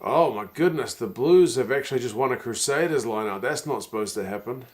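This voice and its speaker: On a live stream, a man chats casually while reacting to a rugby match and reading viewer comments aloud. He chuckles often and bursts into excitement at big plays. His voice is mid-range and fairly quick.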